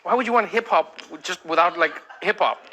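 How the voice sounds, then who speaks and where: High-voiced laughing man telling stories. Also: a little hiss or hum. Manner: laughs often, animated, slips into quick impressions. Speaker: comedian in a backstage interview. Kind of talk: casual storytelling.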